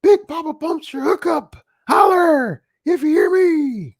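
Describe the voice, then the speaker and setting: A man doing an impression of a boastful, muscle-bound male wrestler, shouting loudly. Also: very high voice, expressive, a little slow, no echo, studio quality, voice pushed up. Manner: loud shouting bravado.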